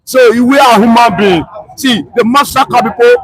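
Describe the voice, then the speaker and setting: A man's voice: extremely high pitch, normal speed, a little hiss or hum, rough recording. A man with a Nigerian Pidgin-tinged English accent, speaking passionately and repetitively in a street interview. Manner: impassioned, repetitive, emotional. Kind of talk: street vox pop. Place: outdoor street.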